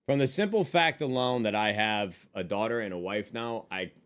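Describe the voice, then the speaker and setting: A man's voice: fairly low pitch, moderate pace, a bit bright, clean tone. A man streaming live, talking casually to his chat in loose, profane, joking banter from his desk. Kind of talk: casual stream chat reading and answering viewers. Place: at a desk with a monitor.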